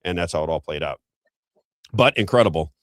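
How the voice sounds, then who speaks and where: A middle-aged man hosting a talk show, telling a story in a rambling, animated way with frequent restarts. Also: sits low, brisk, no echo. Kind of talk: casual storytelling commentary.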